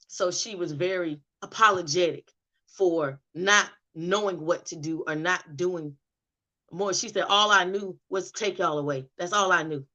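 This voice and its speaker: Woman, middle-aged, emotional testimony, emphatic, bright tone, slightly low pitch. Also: dull audio. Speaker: interview guest. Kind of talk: personal testimony in an interview.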